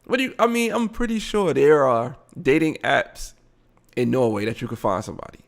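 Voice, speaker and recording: Animated man giving blunt casual commentary. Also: medium pitch, brisk, creaky. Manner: animated, blunt, frequent laughing asides. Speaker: host of a live commentary show.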